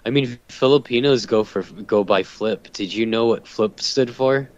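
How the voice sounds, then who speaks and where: A man's voice: mid-range voice, a little slow, highs cut off. A man co-hosting a podcast, talking in a laid-back, slangy way. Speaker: podcast co-host. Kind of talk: casual chat.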